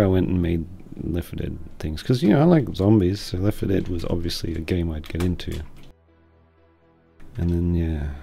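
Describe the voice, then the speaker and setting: A young man streaming, rambling and joking at himself, with a quiet, mumbling voice. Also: sits low, gravelly. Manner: rambling, self-deprecating, laughs often. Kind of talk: casual chat reading chat. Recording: faint music behind.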